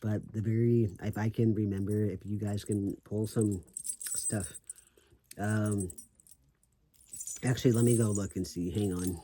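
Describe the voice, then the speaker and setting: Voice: sits low, steady tone, unhurried, long pauses, mellow, slightly rough. A vlogger talking casually to camera in a sassy, brash, profane way, laughing often, with speech slurred by a swollen tongue. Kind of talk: casual vlog talk.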